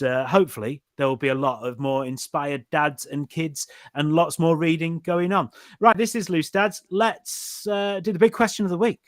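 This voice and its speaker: A man hosting a podcast, chatting in a relaxed, steady way. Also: on the high side, no echo, clean studio sound. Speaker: podcast host. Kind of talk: casual chat.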